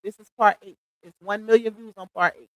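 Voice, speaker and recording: A woman's voice: medium pitch, fairly even intonation, a little fast, no room sound, low-quality recording. A woman hosting a reaction channel, chatting casually and speaking straight to her viewers. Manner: chatty, addresses viewers directly.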